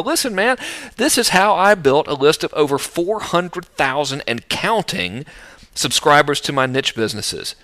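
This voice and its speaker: A man's voice: fairly high pitch, very animated, moderate pace, bright, forceful tone. A middle-aged man teaching list building in a casual, jokey, self-mocking video talk.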